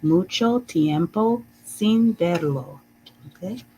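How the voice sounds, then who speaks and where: A teacher leading a live-streamed reading lesson, saying phrases slowly and carefully, checking in with "okay?" and chuckling often. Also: mid-range voice, lively intonation, warm tone, slight background noise, low-quality recording. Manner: reads out viewer comments.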